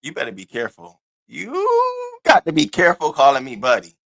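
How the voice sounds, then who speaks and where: A man with a fairly high, bright, forceful voice tells a story on a casual livestream. He swears freely and talks with big animated energy. He acts out the other people in the story as he goes. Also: normal speed. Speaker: host of an online news show.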